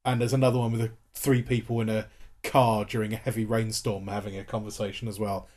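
On a podcast, a man in his thirties co-hosts a casual chat about a TV series, talking fast with enthusiasm and frequent fillers and restarts. His voice sits on the low side, has a darkish tone and shows little pitch movement.

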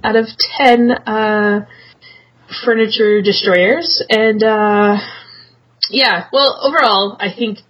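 A woman guest on a podcast in casual chat, relaxed and hesitant with fillers. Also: medium pitch, takes it slowly, lo-fi sound.

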